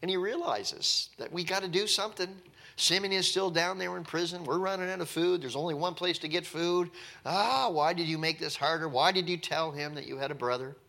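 A man's voice: on the high side, brisk, vocal fry, sharp tone. A man teaching from the Bible verse by verse, reading scripture aloud and then explaining it in plain, conversational talk. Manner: acts out the characters' speech in a conversational way.

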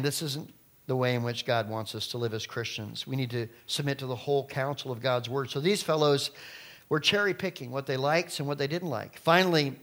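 A middle-aged pastor preaches a sermon emphatically, punching certain phrases loudly and slipping into quiet, low asides.

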